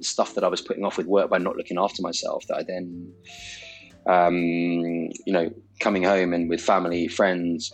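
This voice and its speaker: A man's voice: low voice, breathy edge. A man, an emergency doctor hosting a podcast, chatting candidly and reflectively, swearing now and then. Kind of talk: casual chat.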